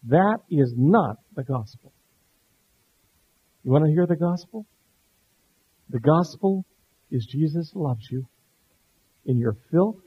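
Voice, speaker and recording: A middle-aged man preaching a sermon, earnest, dropping to a hush and then rising to stress a point. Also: fairly high pitch, slightly rough. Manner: earnest, swings between hushed and emphatic. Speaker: pastor. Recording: dull lo-fi sound.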